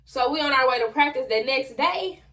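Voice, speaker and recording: A young adult woman telling a personal story straight to her viewers in a casual, slangy, animated way. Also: high-pitched, normal speed. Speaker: vlogger.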